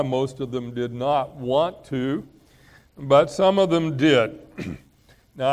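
Slow-spoken man preaching. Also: mid-range voice, darkish tone. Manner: slow, conversational, clears his throat often. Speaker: pastor. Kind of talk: sermon.

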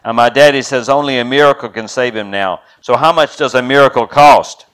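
A man's voice: medium pitch, fairly quick, fairly bright tone, clean tone, lightly acted. A man voicing a determined eight-year-old girl, pleading and insistent in a read-aloud story. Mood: earnest pleading.

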